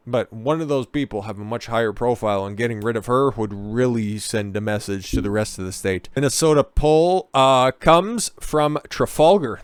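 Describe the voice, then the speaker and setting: A man giving political commentary, reading poll articles aloud and breaking into profane, sarcastic rants with sudden loud outbursts. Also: medium pitch, no room sound.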